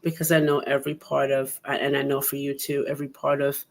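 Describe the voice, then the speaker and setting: A woman's voice: a bass voice, fast talker. A woman hosting a podcast in casual chat, telling her story with lots of laughter and acted-out quotes. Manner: animated storyteller who laughs often and acts out quotes. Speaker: podcast host.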